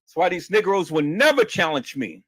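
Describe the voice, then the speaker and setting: A man's voice: high-pitched, big pitch swings, moderate pace, husky, no room sound. A man hosting a livestream and answering viewer questions, emphatic and insistent, often stammering and repeating words. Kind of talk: heated livestream talk.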